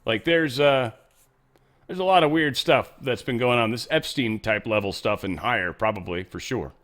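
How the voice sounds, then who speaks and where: An American man talks through the news in a loose, rambling way, swearing freely and joking as he goes. His voice sits at an ordinary middle pitch for a man, and the talk is a casual commentary. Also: normal speed, fairly bright tone. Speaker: show host.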